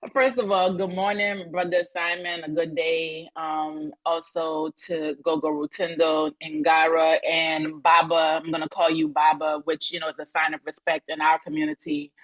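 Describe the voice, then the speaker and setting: A woman's voice: on the low side, a bit bright. A woman from New Orleans speaking in a live audio-chat room, telling stories effusively, with many restarts. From New Orleans, USA. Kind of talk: casual chat. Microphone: phone in an audio-chat app. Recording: lo-fi online audio-room sound.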